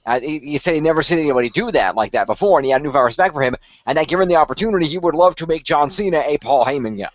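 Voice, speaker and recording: A man's voice: fairly high pitch, lively intonation, rapid-fire, few pauses, no room sound. A man co-hosting a casual wrestling recap, rambling with lots of fillers. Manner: rambling, many fillers, chanting catchphrases. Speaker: podcast co-host. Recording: dull dry lo-fi audio.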